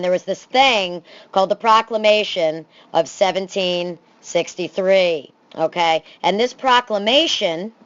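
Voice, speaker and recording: A woman teacher giving a recorded history lesson in a lively, conversational way, with playful asides to her students. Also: medium pitch. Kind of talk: recorded classroom presentation. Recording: slightly dull lo-fi audio.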